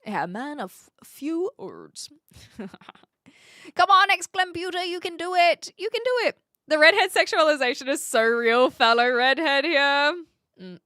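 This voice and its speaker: Woman, New Zealand accent, young adult, streamer, high voice, bright tone, dry sound. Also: a little slow, dry recording. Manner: chatty, animated, laughs often. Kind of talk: casual chat reading viewer messages.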